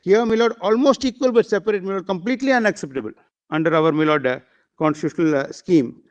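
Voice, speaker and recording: A man's voice: sits high, fast, muffled recording. A man arguing before a court bench, formally reading out passages and repeatedly saying "my lord", with hesitant fillers in a courtroom. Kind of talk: courtroom argument.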